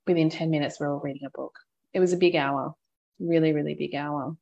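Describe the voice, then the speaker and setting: A woman hosting a podcast, candidly recounting a hard parenting moment and offering gentle advice to listeners. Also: low voice, steady tone, brisk, vocal fry. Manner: open, reflective storytelling with frequent laughter. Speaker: podcast host and mother. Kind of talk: candid personal podcast talk.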